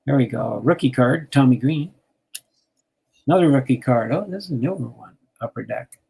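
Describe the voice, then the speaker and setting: Older man from jersey, raspy gravelly voice, chatty and giggly. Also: mid-range voice, expressive, moderate pace, dark tone. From New Jersey. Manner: chatty, laughs often, reads out card names. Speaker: host sorting baseball cards on a stream. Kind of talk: casual chat.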